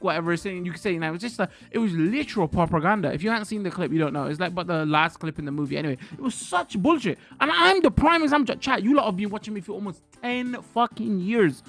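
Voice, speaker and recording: High-voiced man ranting on stream. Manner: animated, swearing, ranting to chat. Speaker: livestreamer. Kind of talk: casual livestream chat. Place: hot indoor room with a fan.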